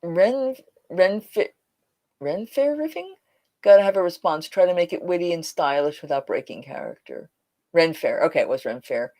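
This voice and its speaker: A woman hosting a casual live chat, telling stories in an animated way and acting out quotes. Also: on the low side, brisk. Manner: animated, laughing storyteller who acts out quotes. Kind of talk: casual live-stream storytelling.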